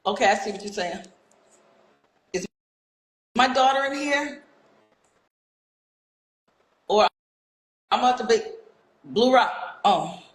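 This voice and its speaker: A woman hosting her own live stream, talking casually and firing repeated rhetorical questions at her viewers on a phone mic. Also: on the high side. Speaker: livestream host. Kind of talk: casual livestream rant to viewers. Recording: echoey room.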